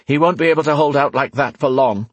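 A male narrator voicing a gruff, wry rogue who grumbles as he talks, in an audiobook. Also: mid-range voice, a little slow, no echo, lo-fi sound, pitched above the performer's own voice. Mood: tense. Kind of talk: audiobook character voice.

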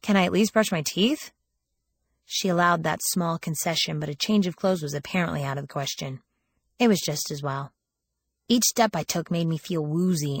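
Low-voiced woman narrating an audiobook wryly. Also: no room sound. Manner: wry, sardonic storytelling with lively quoted lines. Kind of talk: first-person audiobook narration.

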